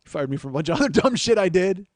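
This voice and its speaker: A man in his forties rattles off a comic anecdote at a fast clip, swearing freely and playing every voice in the story himself. His voice sits slightly high and sounds dry and close to the mic. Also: dry recording. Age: 40s. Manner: profane, animated anecdote-telling with acted-out dialogue. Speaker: podcast host and comedian.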